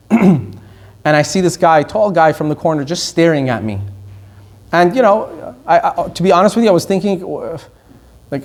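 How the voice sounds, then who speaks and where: High-voiced, emphatic middle-aged rabbi. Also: male voice, a little mellow. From Iran. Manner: emphatic, slows down on key words and speeds through asides. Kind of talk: Torah lecture.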